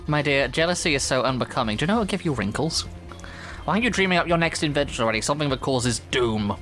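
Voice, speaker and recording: A man's voice: fairly high pitch, lively intonation, quick pace, a bit bright, soft background music. A man with a Manchester accent voicing a haughty, elegant female villain officer in a game, reading in a condescending, silky tone. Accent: Mancunian.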